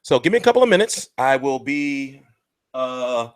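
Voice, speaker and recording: A man's voice: medium pitch, sing-song, moderate pace, clean tone, no room sound, studio quality. A man hosting a casual boxing livestream, rambling and joking crudely as he chats. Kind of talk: casual live-stream chat.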